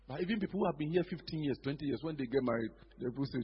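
A man's voice: on the high side, rapid-fire, hardly any pauses, slight background noise. A man with a Ghanaian accent preaching a sermon as pastor, acting out the voices of church members. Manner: animated preaching, mimics congregants, mixes local phrases. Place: church hall. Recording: dull echoey church hall recording.

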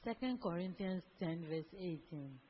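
A woman's voice: lowish voice, lively intonation, measured pace, dull audio, slight background noise. A woman reading a scripture verse aloud in church at the pastor's request. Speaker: scripture reader.

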